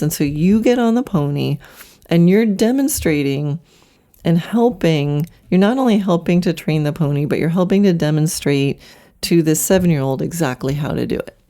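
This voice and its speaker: A middle-aged woman hosting a solo podcast about horse training, chatty and animated. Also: sits low. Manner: chatty, animated, slips into quick mock demos.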